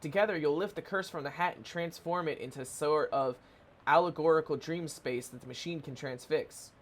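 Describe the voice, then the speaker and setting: A man's voice: fairly high pitch, brisk, slight background noise, natural voice. A man voicing a chatty game character who patiently explains a strange machine. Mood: explaining.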